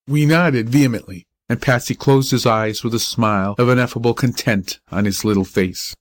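A man reading a first-person story aloud as an audiobook narrator, in a measured manner. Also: medium pitch, dry recording. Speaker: audiobook reader.

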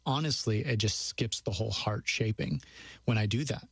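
A man's voice: fairly low pitch, vocal fry, fairly bright tone, husky, no echo. A man speaking as a guest in an earnest, preacherly way about faith and being a dad. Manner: earnest, preacherly, quick bursts of speech. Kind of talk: earnest faith-based conversation.

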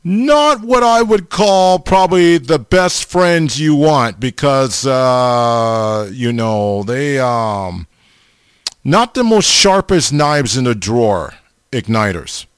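A man preaching an informal sermon, slow and halting, often pausing and restarting as he addresses his listeners. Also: mid-range voice, lively intonation, clear, resonant tone, dry recording. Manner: slow, halting, repeats the audience name often.

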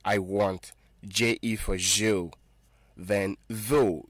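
Patient, deep-voiced man teaching French. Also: steady tone, dry recording. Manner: patient, repeats and spells words slowly. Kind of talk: spoken language lesson.

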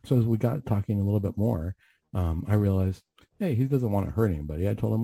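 A middle-aged man tells a story in an earnest voice, very dark and a little husky. He repeats words as he goes. His voice is recorded dry and close. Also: on the low side, animated, fast, no echo. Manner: earnest, repeats words, quotes himself in dialogue. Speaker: counselor telling a story on a radio show. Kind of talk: storytelling talk.

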